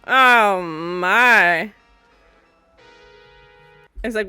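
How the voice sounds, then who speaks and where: Bright, excitable young woman host of a film reaction, high and animated. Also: very slow, pauses often, clean tone, soft background music. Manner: excitable, laughs often, acts out characters. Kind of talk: casual movie reaction commentary.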